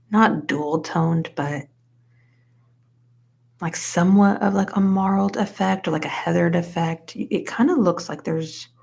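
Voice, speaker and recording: A woman's voice: on the low side, vocal fry, darkish tone. A young woman live streaming, chatting casually with viewers while she crochets, with lots of "like" fillers. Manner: chatty, says "like" a lot, reads out chat names.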